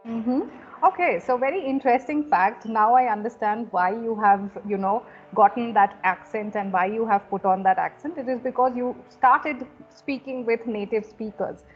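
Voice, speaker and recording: A woman's voice: a little high, normal speed. A woman English trainer from India, interviewing a colleague in an encouraging way, with lots of "you know" fillers. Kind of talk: conversational interview. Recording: dull lo-fi audio with faint music.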